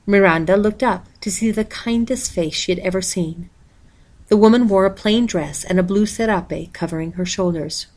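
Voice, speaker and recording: A woman reading a picture book aloud at a steady pace, with plenty of expression as she moves through the story. Her pitch sits in a middle range for a woman. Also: normal speed. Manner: steady, expressive, reads page numbers aloud. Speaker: storybook reader.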